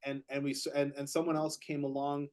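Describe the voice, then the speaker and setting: A man with a fairly high voice tells a story on a podcast in casual chat. He gets animated, repeats words as he gathers speed, and acts out the quotes of the other people in the story. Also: a little fast. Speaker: podcast co-host, real estate agent.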